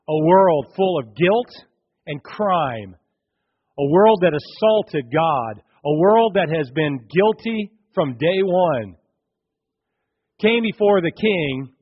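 A man voicing an earnest young man who pleads slowly and emphatically in a courtroom. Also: on the high side, animated, breathy edge, big-room sound, lo-fi sound, heavily acted.

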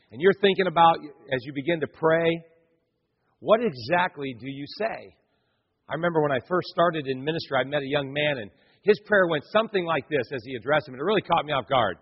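A man's voice: on the high side, expressive, a little fast, breathy edge. A pastor preaching a sermon in a conversational way, asking his listeners many rhetorical questions. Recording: long reverb, dull lo-fi sound.

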